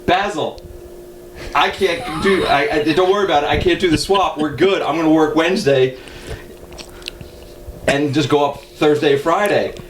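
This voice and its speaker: A man's voice: a little high, moderate pace, long pauses. A man co-hosting a podcast, telling a story in casual chat and acting out what people said. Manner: animated storyteller, acts out quotes in a raised voice. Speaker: podcast co-host. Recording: echoey room with loud background noise.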